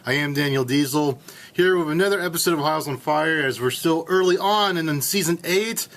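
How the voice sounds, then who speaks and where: Man, late twenties, college radio host, playful and hammy, slightly high voice. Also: brisk, fairly bright tone. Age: late 20s. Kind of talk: casual comedic radio hosting.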